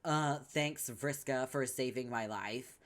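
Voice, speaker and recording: A meek young troll boy, voiced by a man in a comic read-along. He speaks softly and haltingly, tripping over fillers. The pitch stays in a plain middle range. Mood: stammering. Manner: hesitant, stammering, soft-spoken.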